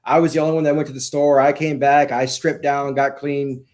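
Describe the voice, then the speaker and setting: A man's voice: medium pitch, level tone, brisk, a little mellow. A man in casual conversation, blunt and jokey, swearing freely as he tells stories. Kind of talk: casual chat.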